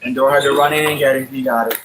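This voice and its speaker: A man's voice: medium pitch, fairly even intonation, fast, noisy background. A man giving casual fan play-by-play on a livestream, chatty and exasperated with his team.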